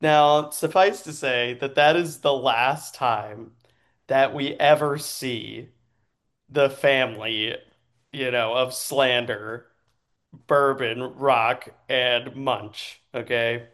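A man's voice: medium pitch, fairly even intonation, slow, fairly bright tone. A man casually telling an improvised story, chatty and laughing often, checking in with his listener.

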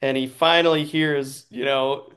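A man's voice: mid-range voice, steady tone, measured pace, fairly bright tone, clear, resonant tone. A man casually telling an improvised story, chatty and laughing often, checking in with his listener.

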